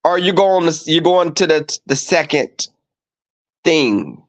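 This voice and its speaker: A man's voice: a little high, a little slow. A man hosting a livestream, chatting casually and profanely with viewers and acting out quoted exchanges. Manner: profane, animated storytelling. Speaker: livestream host. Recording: dull lo-fi stream audio.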